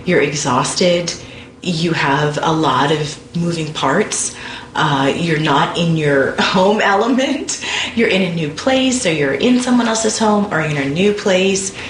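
A woman's voice: on the low side, lively intonation, slow pace, a little hiss or hum. A woman speaking in a thoughtful, conversational way during an interview. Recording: echoey room from a distance.

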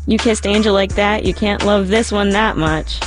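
A woman's voice: medium pitch, moderate pace, over music, voice pushed up, natural voice. A woman voicing a bold, teasing teenage girl. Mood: coaxing. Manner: confident, commanding.

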